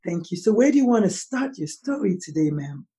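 A woman's voice: fairly low pitch, fairly quick. Emphatic woman podcast host. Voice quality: expressive, emphatic with repetitions. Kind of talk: enthusiastic podcast hosting.

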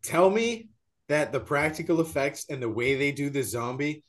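Male podcast co-host, slightly high voice, emphatic, swears a lot, does impressions. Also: animated, normal speed. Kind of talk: casual movie chat.

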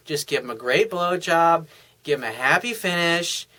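A man's voice: fairly high pitch, lively intonation, normal speed, bright, forceful tone. A man giving frank, blunt relationship advice in a casual, coaching monologue.

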